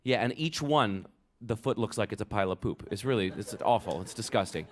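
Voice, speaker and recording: A man's voice: on the low side, lively intonation, a little fast. A man reading a picture book aloud to children at a live event, playful and asking the kids for details.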